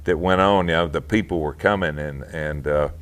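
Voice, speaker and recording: A man, a former wrestler, telling stories in a casual interview, halting and full of fillers, laughing often. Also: rumbling low. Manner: rambling, halting, with many fillers and restarts.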